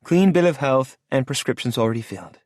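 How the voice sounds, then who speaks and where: A man's voice: medium pitch, lively intonation, a little fast, darkish tone, no echo, studio quality, pitched above the performer's own voice, close to an everyday voice. A man reading an audiobook, voicing a stubborn young woman who protests and pleads. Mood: defiant. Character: stubborn young woman, recently discharged, defiant.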